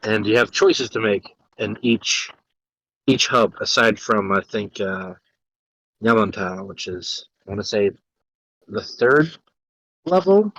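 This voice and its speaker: A man's voice: on the low side, expressive, takes it slowly, pauses often, a bit bright, dry recording, poor audio. A young man co-hosting a podcast who rambles casually about a video game, with many restarts. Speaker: podcast co-host. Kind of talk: casual chat.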